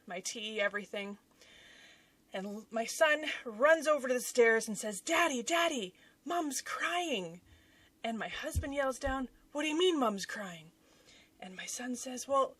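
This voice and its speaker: A woman in her thirties telling a story casually at her desk at home, animated and dramatic, with big swings in loudness. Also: medium pitch, far from the mic. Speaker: author and YouTuber.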